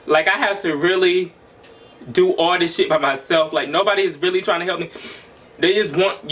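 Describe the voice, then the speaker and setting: A man's voice: sits high, normal speed, pushed and bright. A man in his twenties venting in a raw, emotional, profane personal monologue for his vlog. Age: 20s. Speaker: vlogger.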